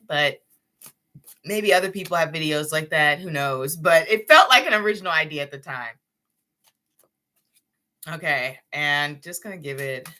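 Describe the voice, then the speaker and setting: A woman's voice: lowish voice, pushed and bright. A young woman hosting a live tarot stream, chatting casually with her viewers and laughing often.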